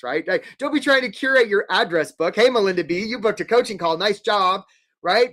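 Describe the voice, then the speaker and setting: A man hosting a live career webinar, energetic and jokey, acting out quick little quoted voices. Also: sits high.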